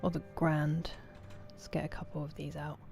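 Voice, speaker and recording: A woman, casually chatting with viewers on a game stream, thanking them by name and sometimes dropping to soft murmurs. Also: low voice, level tone, moderate pace, vocal fry, soft background music. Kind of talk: casual livestream chat.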